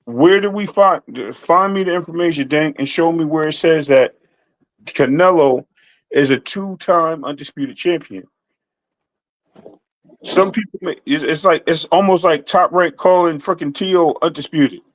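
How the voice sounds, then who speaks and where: A man's voice: fairly high pitch, a little slow, no room sound, poor audio. A man arguing his point in a casual sports debate, insistent and talking over the others.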